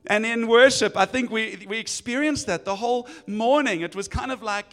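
A man preaching a sermon, animated and acting out voices of people in the story. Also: very high-pitched, moderate pace, hardly any pauses, faint music behind. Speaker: pastor.

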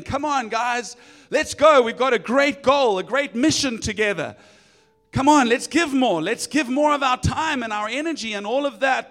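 A man preaching a sermon, animated and acting out voices of people in the story. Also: sits high. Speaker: pastor.

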